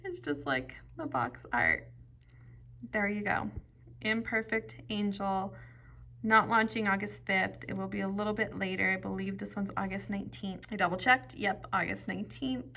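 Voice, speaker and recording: A woman's voice: medium pitch, vocal fry, bright, forceful tone. A woman showing off jewelry beads in a casual vlog, chatty and gushing, often dropping to a whisper. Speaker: jewelry bead reviewer. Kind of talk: casual show-and-tell vlog.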